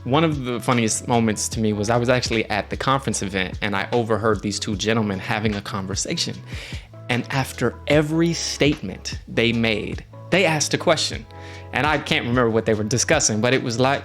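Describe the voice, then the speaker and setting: A man casually telling a travel story on his stream, animated and jumping into quoted voices. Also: medium pitch, a little fast, faint music behind.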